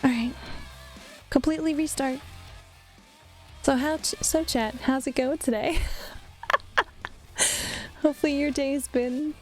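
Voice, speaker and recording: A woman's voice: sits high, steady tone, slow pace, pauses often, a little mellow, faint music behind. A young woman chatting casually with her stream while she draws, rambling and laughing often. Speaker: vtuber art streamer. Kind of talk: casual livestream chat while drawing.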